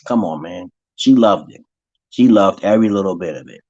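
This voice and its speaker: This low-pitched man speaks a little fast, his voice slightly rough yet somewhat mellow, as he vlogs a lengthy, swear-filled account from his own life. He mimics the voices of everyone he quotes, and the audio is dull, dry, lo-fi, and echo-free.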